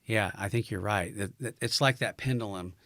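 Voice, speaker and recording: A middle-aged man hosts a podcast in a rather low voice, talking in a loose, conversational way and often agreeing with his guest. The recording is dry and close, with no room echo. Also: moderate pace. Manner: conversational, affirming, lively at sign-off. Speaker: podcast host. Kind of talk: casual interview chat. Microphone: close podcast mic.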